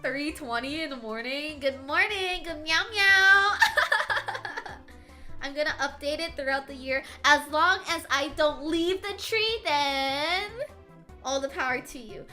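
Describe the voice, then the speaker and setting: Bright, giggly young woman streamer, high and bouncy, teasing her chat. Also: lively intonation, slow pace. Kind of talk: casual chat with viewers. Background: soft background music.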